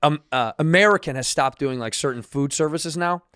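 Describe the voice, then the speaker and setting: A man with a somewhat high voice trades blunt, profane banter on a podcast. He speaks close to the mic in a dry, dead studio sound. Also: brisk, fairly bright tone, clean tone, dry recording. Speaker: podcast host. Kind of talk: casual chat.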